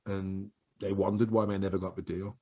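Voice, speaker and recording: A middle-aged man with a Black Country accent giving chatty sales advice to camera, now and then acting out quick voices of callers and of himself. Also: deep voice, little pitch movement, warm tone. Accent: Black Country English. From Black Country, England. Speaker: sales trainer.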